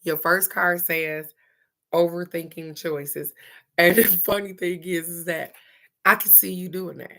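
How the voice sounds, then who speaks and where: A woman's voice: fairly low pitch, fairly even intonation, a little slow, vocal fry, bright, forceful tone. A woman doing a casual live-stream card reading, chatty and affectionate, laughing often and calling out to viewers by name.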